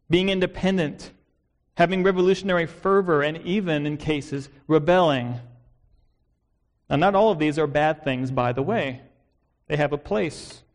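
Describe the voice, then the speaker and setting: A man with an American accent preaching an expository sermon as a pastor, earnest and measured, posing rhetorical questions. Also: on the high side.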